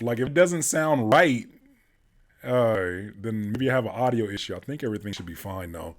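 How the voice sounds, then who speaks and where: A man hosting a casual livestream, hoarse from a cold, chatting easily with viewers and laughing often. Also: lowish voice, expressive, moderate pace. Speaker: host, rapper and music producer.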